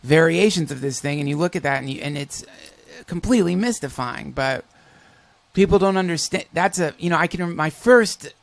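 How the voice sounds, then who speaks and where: Brief: male podcast host, fairly high gravelly voice, loose profane storyteller. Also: brisk. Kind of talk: casual conversation.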